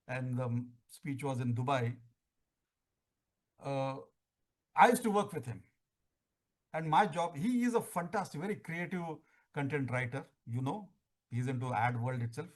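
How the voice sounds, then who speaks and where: A middle-aged man, giving an oratorical talk on contest speaking with emphatic phrasing and deliberate pauses. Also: mid-range voice. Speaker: public speaking trainer.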